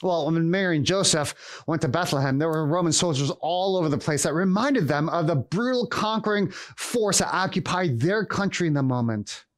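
Middle-aged pastor guy telling a christmas story, kinda high voice, acts out the bits. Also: lively intonation, moderate pace. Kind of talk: Christmas Eve sermon.

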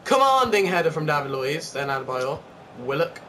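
A gaming YouTuber with a fairly high voice talks at normal speed while playing a football video game, his commentary casual, sweary, and exasperated. Steady background noise runs through the recording.

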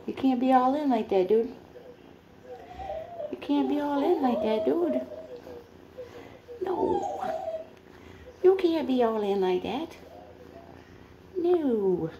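A middle-aged woman filming at home on her phone, cooing soft giggly baby talk to her foster pets. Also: sits high, wildly swooping pitch, takes it slowly, long pauses, highs cut off, noisy background. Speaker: pet foster carer. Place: at home indoors. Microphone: phone camera.

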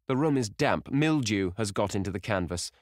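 Man plays a horrified middle-aged male painter, shrill exclamations, close and dry. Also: moderate pace, no room sound.

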